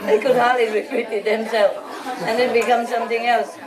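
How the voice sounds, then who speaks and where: A woman's voice: a little high, flat delivery, brisk, over a noisy crowd. A woman spiritual teacher giving an informal, teasing talk to a group of followers, laughing often. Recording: roomy hall, voice from a distant mic. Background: audience laughing.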